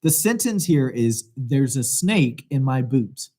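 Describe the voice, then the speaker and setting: A man's voice: medium pitch, slow pace. A man co-hosting a game segment at a church youth livestream, teasing and joking in casual banter. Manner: teasing, animated, jokey. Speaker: youth event co-host running a game.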